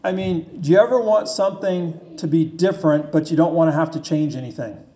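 A man preaching a sermon in a slow, conversational way, asking his listeners questions. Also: fairly high pitch, dark tone, a little hiss or hum. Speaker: pastor.

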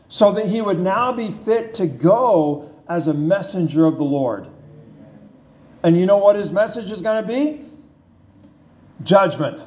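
A man delivers a sermon at an unhurried pace, leaning on repeated phrases for emphasis. His voice sits high for a man, and he often turns to the listeners with rhetorical questions. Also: lively intonation, a little mellow. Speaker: preacher.

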